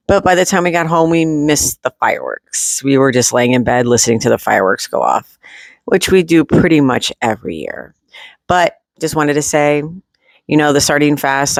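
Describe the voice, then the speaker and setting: A man's voice: medium pitch, gravelly, no echo. A man talking at home in a rambling, casual video diary, full of fillers and restarts, with the odd swear word. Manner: candid, with occasional swearing. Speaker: vlogger.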